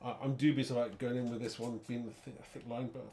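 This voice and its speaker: A man's voice: mid-range voice, little pitch movement, quick pace, warm tone, a little hiss or hum. A man hosting a live card-making demo, chatty and rambling, thinking aloud and laughing at his own muddles.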